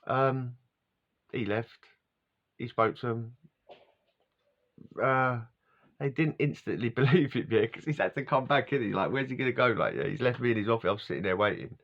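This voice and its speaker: A man's voice: medium pitch, moderate pace, pauses often. Rambling man with lo-fi sound. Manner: rambling, slangy, chuckles often. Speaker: vlogger telling a life story. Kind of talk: casual storytelling monologue. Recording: dull lo-fi sound.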